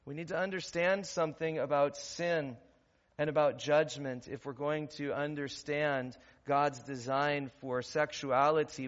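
A male pastor delivering a sermon, asking rhetorical questions and building to loud, emphatic stretches. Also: on the high side. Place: church sanctuary. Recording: long reverb, dull lo-fi church recording.

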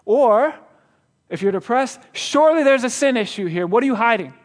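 A man with a very high-pitched, lively voice preaches as a guest speaker in a church, speaking at normal speed. His sermon includes a joke story told with chuckles, and he keeps stumbling and restarting.

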